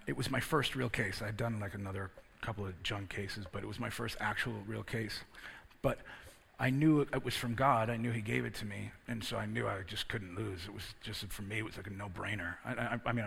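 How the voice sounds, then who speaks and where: Gravelly, husky male preacher. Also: medium pitch. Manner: personal story building to loud, emphatic preaching. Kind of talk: sermon.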